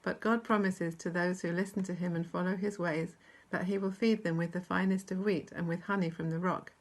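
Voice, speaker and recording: A woman with a British accent giving a measured, reflective devotional talk and reading scripture aloud. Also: lowish voice, steady tone. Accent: British English. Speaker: church speaker.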